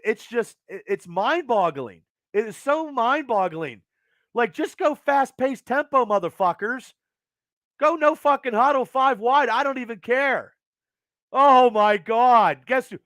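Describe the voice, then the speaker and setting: Male host at home, high sharp voice, cursing fast in angry outbursts, dry close sound. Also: dry recording. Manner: profane, agitated, fast rants. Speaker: podcast host. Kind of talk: angry sports rant to live chat.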